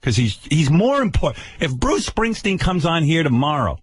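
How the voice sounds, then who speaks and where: A man's voice: a little high, big pitch swings, moderate pace, slightly rough, no room sound. An older man hosting a radio show, ranting with profane sarcasm and stammered repeats. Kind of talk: angry on-air rant. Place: radio studio.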